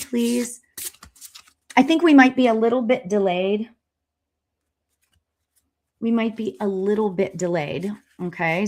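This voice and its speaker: An excitable woman medium who gives tarot card readings on a live stream. Her voice has a moderate pitch. She chats in a rambling, gushing way, trailing into fillers and bursts of delighted laughter. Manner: chatty and rambling, with fillers and restarts.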